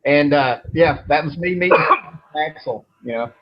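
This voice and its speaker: His voice sits on the high side and moves a little slowly as this man in his thirties, a show host, wanders through long stories in a casual, relaxed way. He curses freely, and the audio is dull, lo-fi and faintly noisy.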